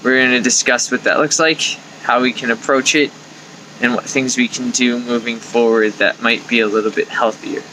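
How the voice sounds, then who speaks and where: A man's voice: mid-range voice, moderate pace, poor audio. A young man hosting his own coaching video, talking casually and acting out the thoughts in his head. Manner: conversational, acts out inner thoughts with lively quoted asides. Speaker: life coach and video host. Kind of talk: casual talking-to-camera advice.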